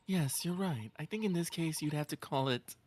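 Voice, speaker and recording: A man's voice: a little high, normal speed, a little mellow, a little hiss or hum. A man casually commentating a game with a friend, reacting playfully to each twist. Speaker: let's play co-host.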